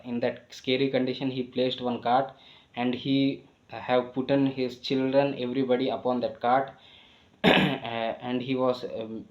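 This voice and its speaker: A man narrates a devotional tale at a middle pitch, stopping often to correct himself and fill pauses. His voice sits in a roomy echo and sounds dull and lo-fi. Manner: halting, many fillers and self-corrections. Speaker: storyteller. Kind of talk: devotional storytelling.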